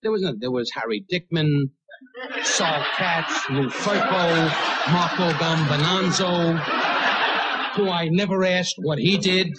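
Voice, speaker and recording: A man doing a roast on stage, with brash, rapid-fire insult humor and sudden shouted punchlines. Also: a little high, very noisy. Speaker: roast comedian. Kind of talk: stand-up roast routine.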